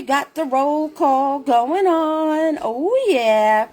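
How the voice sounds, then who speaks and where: High-voiced chatty woman hosting a paint class. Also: takes it slowly, few pauses, darkish tone. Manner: chatty and upbeat, calls viewers sweetheart. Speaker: paint party host. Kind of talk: live online painting class chat.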